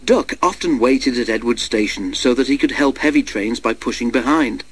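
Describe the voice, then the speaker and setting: A man narrating a children's storybook in a steady, measured way and doing the character voices. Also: mid-range voice, slightly rough. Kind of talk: storybook read-aloud. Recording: noisy recording.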